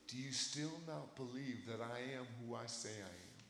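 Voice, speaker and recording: A young man preaching a sermon to a room of kids, impassioned, swinging from shouting to a hush. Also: medium pitch, animated, moderate pace, gravelly, hardly any pauses, echoey room, in a large hall. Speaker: youth preacher.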